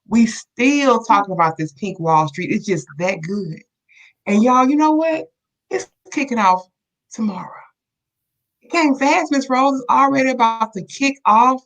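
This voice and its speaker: A woman's voice: on the high side, animated, moderate pace, poor audio. A woman co-host speaks in an upbeat, encouraging way during casual live promotional chat, talking straight to her viewers. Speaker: co-host of a live online show.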